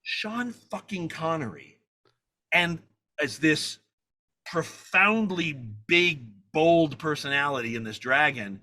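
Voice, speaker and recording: A man in his sixties, a film director as a guest, telling lively anecdotes, acting out quotes and swearing casually. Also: a little high, slow. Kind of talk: animated anecdote storytelling.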